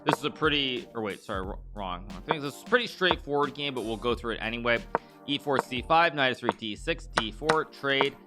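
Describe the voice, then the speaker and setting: A man's voice: mid-range voice, expressive, loud music behind the voice. A man in his thirties giving casual live-stream commentary on chess games, thinking aloud with restarts and fillers. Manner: thinks aloud with frequent restarts and fillers, reads out donor thanks quickly.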